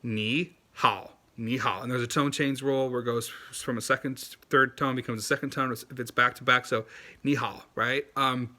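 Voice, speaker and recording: A man's voice: mid-range voice, little pitch movement, brisk, sharp tone. A man talking casually in a language-learning video, chatty and loose with lots of fillers, and earnest as he stresses his points. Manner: earnest and emphatic, repeating key points.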